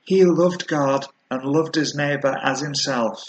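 A man preaching a sermon, earnest and measured, slowing down to stress key words. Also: fairly high pitch, slight background noise, rough recording.

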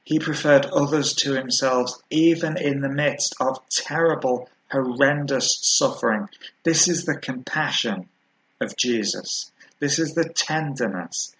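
A man preaching a sermon, earnest and measured, slowing down to stress key words. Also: medium pitch, a bit bright, low-quality recording.

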